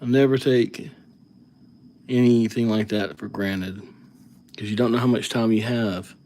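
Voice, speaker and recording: A man's voice: on the low side, fairly even intonation, unhurried, a little mellow, a little hiss or hum. Easygoing man chatting on a live stream. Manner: rambling, easygoing, thinks aloud while writing. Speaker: livestream calligraphy host. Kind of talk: casual live-stream chat.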